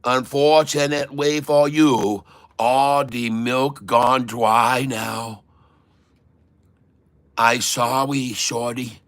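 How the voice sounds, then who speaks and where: A man doing a mocking put-on voice in clipped, broken English, drawn out slowly. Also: mid-range voice, fairly even intonation, a bit bright. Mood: taunting. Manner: clipped broken grammar, slow drawn-out taunts.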